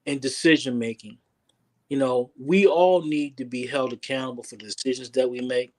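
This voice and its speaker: A man's voice: medium pitch, fairly even intonation, moderate pace, darkish tone. A man who works as a relationship coach, speaking earnestly as an interview guest and often repeating words while he thinks. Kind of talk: interview guest, casual talk.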